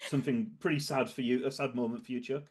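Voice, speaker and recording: A man's voice: medium pitch, steady tone, fast talker. A man running a tabletop game as game master, describing scenes in a hesitant, rambling way full of fillers and restarts.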